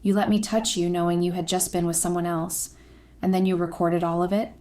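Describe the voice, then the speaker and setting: A wounded husband speaks low and steady, each line quietly cutting. A woman storyteller voices him, barely changing her own slightly low voice. The delivery stays restrained and even. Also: fairly quick, lightly acted. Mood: bitter, low. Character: heartbroken betrayed husband, calm turning bitter.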